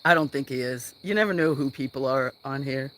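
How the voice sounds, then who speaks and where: A man's voice: mid-range voice, a little fast, fairly bright tone, slight background noise. A man hosting a casual livestream from a farm, rambling along with plenty of fillers. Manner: rambling, meandering with many fillers. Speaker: livestream host. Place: farm outdoors.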